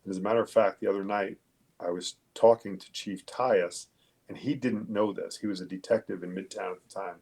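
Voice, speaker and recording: A man with a low, gravelly, somewhat husky voice tells his story as a guest in an interview. He is a police detective who speaks bluntly and emphatically, swearing freely. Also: fairly even intonation, fairly quick, darkish tone.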